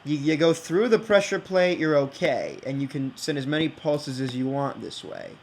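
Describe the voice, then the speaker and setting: A man thinking out loud while building in a block game, rambling and hesitant, with many fillers and restarts. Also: on the high side, moderate pace, slight background noise, low-quality recording. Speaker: game video creator. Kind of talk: casual think-aloud game commentary.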